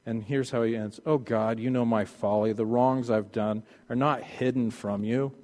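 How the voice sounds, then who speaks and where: A man preaching a sermon, swinging from loud pleading passages to hushed, quiet ones. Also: medium pitch, steady tone, moderate pace, in a large hall. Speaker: pastor.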